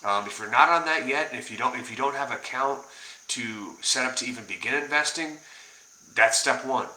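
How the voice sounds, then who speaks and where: A man talking casually to camera as a personal finance vlogger, energetic and rambling, coaching viewers with lots of fillers and restarts. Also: medium pitch, a little fast, roomy sound, rough recording. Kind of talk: casual direct-to-camera talk.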